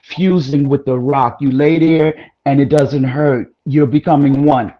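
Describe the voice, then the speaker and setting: Lady guest rambling thru a story, slow and drawn out, lots of oh my gods. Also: rumbling low, dull audio. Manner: animated, exclaiming, rambling storyteller. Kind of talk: casual chat, telling a personal story.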